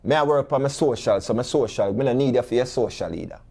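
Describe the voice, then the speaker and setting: A man's voice: medium pitch, fast talker. Jamaican man preaching on a talk show. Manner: preachy, full of rhetorical questions; animated storyteller in Jamaican patois.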